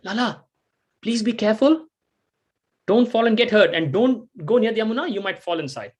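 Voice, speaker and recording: A man's voice: expressive, moderate pace, darkish tone, muffled recording. A man voicing a doting, anxious mother who keeps calling her son back, with a raised, fussing voice. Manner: fussing, pleading, high-pitched.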